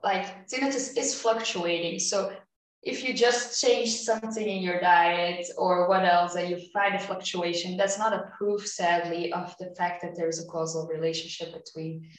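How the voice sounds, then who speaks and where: A woman from Belgium, a tinnitus therapist and guest, explaining in a measured way with hesitant fillers, a non-native English speaker. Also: lowish voice, steady tone, recorded from a distance. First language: not English. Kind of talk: interview answers. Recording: roomy, off-mic sound.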